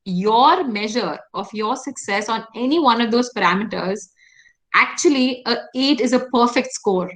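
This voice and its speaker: Woman, Indian English accent, workshop speaker, video call, fairly high voice, engaging, asks lots of questions. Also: normal speed, a bit bright, rough recording. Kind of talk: interactive online workshop session.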